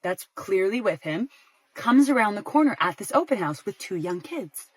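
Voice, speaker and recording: A young woman casually narrating a gossipy story, animated and chatty, with lots of "like". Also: medium pitch, moderate pace, husky, rough recording.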